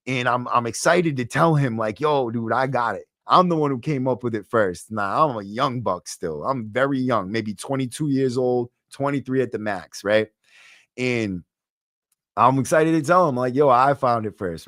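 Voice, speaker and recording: A young man with a Boston accent tells a story in a profane, streetwise, animated way. His voice sits at an average pitch. The podcast mic sounds dry, with no room echo. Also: normal speed. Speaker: guest storyteller. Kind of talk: casual storytelling. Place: podcast studio. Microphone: podcast microphone.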